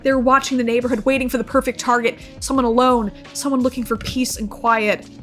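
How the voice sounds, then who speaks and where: A woman streamer giving casual commentary on a horror game, excitable, swearing and shrieking. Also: fairly high pitch, brisk. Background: faint game music.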